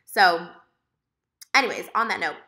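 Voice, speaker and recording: A woman's voice: on the low side, expressive, unhurried, bright, forceful tone. A woman vlogger telling a breakup story to camera in a rambling, emotional way, full of filler words. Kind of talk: casual storytime rant to camera.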